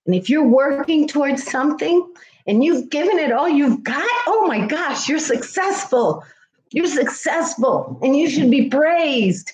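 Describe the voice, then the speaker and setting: A woman's voice: high-pitched, unhurried, darkish tone, reverberant. A woman schoolteacher chatting earnestly with her viewers, heartfelt and repeating herself for emphasis. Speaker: schoolteacher and vlogger. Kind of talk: casual livestream chat with viewers.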